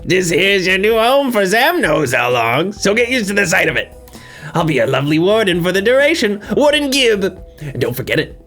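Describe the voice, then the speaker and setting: A man's voice: high-pitched, very animated, moderate pace, a bit bright, soft background music, full character voice. A man voicing a grumpy male prison warden who sneers and insults the prisoners in a game playthrough. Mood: sneering.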